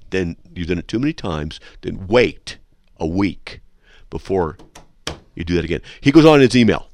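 A man's voice: lowish voice, sing-song, brisk, no room sound. A man hosting a talk radio show from a studio, lecturing sarcastically and reading listener emails aloud. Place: radio studio with a control room window.

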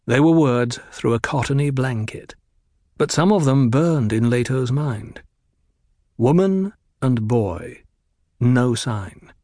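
A man narrating an audiobook in a measured, even storytelling manner. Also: medium pitch, no room sound.

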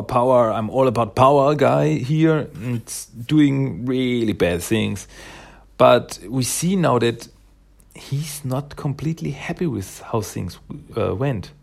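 A man walks through a comic issue in an easy, rambling recap, pausing on fillers and correcting his own words. His voice sits at an average male pitch, and he takes his time. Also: creaky, darkish tone. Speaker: comic book reviewer.

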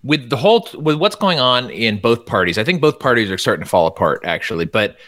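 A man from the United States talks politics in a loose, rambling way, full of restarts and strong opinions. His voice is bright and forceful at a middle pitch. The sound is dry and close. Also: sing-song, fast, no echo. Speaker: podcast guest. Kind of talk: casual political chat.

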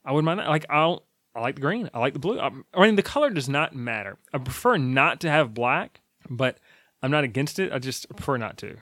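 A man's voice: mid-range voice, animated, brisk, a bit bright, no echo, studio quality. A man rambling casually on his own, chatty and opinionated, with frequent fillers and asides.

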